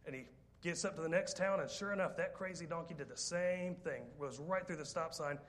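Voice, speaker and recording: A male preacher with a fairly high voice tells a story from the pulpit. He jokes, wanders into asides and teases the congregation before getting back on track. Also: a little fast. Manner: lively, joking, rambling with asides. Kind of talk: sermon storytelling.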